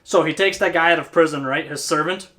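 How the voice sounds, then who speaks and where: Here the same kind of host, an HVAC tech running a channel, speaks fairly quickly in a fairly high, pushed, bright voice. Chatty and informal on camera, he keeps looping listeners in with "right?"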